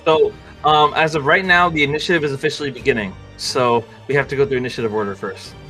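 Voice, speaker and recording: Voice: mid-range voice, fairly even intonation, fast, pushed and bright, faint music behind. A game master narrating a tabletop game dramatically and announcing turns.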